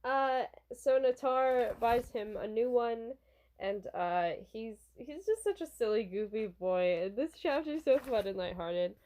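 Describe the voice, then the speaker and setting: A woman's voice: fairly high pitch, animated, measured pace, mellow. A young woman casually reviewing a manga from her college dorm room, chatty and rambling. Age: young adult. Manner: chatty and rambling, with restarts and fillers.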